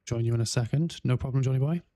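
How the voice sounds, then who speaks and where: A man's voice: medium pitch, fast talker, mellow, dry recording. A man with a South Welsh accent chatting casually on a gaming livestream, rambling with lots of fillers and restarts. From South Wales. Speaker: gaming streamer.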